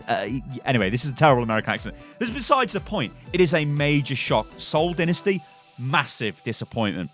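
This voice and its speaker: A man's voice: mid-range voice, fast. British guy chatting through esports news, bouncy up and down voice, faint music under. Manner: animated, opinionated, chatty with fillers. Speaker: gaming news host. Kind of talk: casual news commentary.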